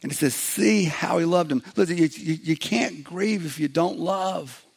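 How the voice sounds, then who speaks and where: A middle-aged man preaching a sermon in a conversational way, slipping into quick acted-out voices as he goes. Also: a little high, vocal fry, husky. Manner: conversational preaching, acts out little quoted voices. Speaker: pastor.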